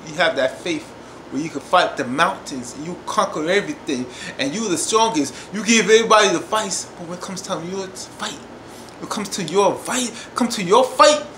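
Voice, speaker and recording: A man giving a casual review of a TV episode, emphatic and repetitive, often calling out to his viewers. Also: high-pitched. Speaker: TV show reviewer. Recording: echoey room with steady noise.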